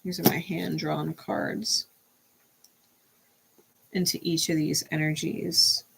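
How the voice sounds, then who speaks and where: A woman's voice: deep voice, slow, vocal fry, breathy edge, rough recording. Blunt, cussing woman tarot reader. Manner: blunt, profane, animated. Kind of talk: casual tarot reading.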